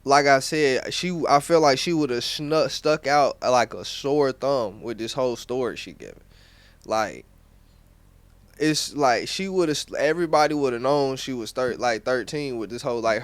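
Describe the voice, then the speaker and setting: Young male podcast host, North Carolina accent, casual profane commentary, clear voice, mid pitch. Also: dry recording. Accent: Southern US, North Carolina. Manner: blunt, slangy, profane, loose restarts.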